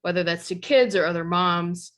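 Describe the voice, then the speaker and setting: A woman's voice: on the low side, normal speed. A woman from Tennessee, hosting a podcast and praising her guests effusively. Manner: warm, effusive, laughs often. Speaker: podcast host. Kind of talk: casual podcast interview.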